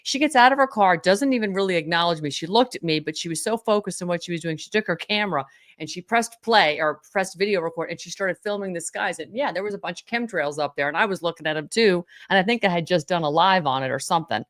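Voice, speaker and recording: A woman's voice: on the low side, fast talker, no echo, clean studio sound. A woman from Florida, a guest on a podcast, telling stories animatedly and acting out quotes. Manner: animated storyteller, acts out quotes. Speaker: interview guest. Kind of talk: casual interview chat.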